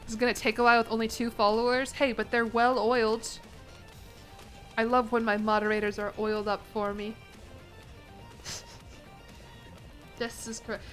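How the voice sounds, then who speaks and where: A woman's voice: moderate pace, pauses often, faint music behind, rough recording. A young adult woman streaming a game, chatting casually with playful, self-mocking jokes and bursts of laughter. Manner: bursts of animated laughter and pitch jumps. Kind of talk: casual livestream chat while playing a game.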